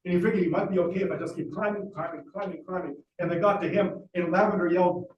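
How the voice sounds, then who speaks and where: A man's voice: sits high, fairly even intonation, fast, highs cut off. A man giving a history lecture as a dramatic story, with frequent "uh" fillers between phrases. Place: library talk room. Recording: roomy echo, distant mic, faint hiss.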